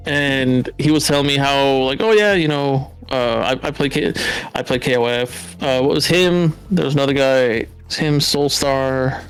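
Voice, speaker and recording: Man, from Southern California, podcast guest, casual animated storytelling, swears a lot, raised voice for quotes, faint music behind. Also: mid-range voice, moderate pace, clear, resonant tone.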